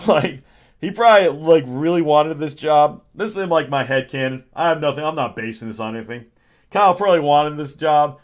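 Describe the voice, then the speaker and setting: A man's voice: a little high, brisk. A man chatting casually on a livestream, rambling and sarcastic, with frequent chuckles. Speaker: streamer.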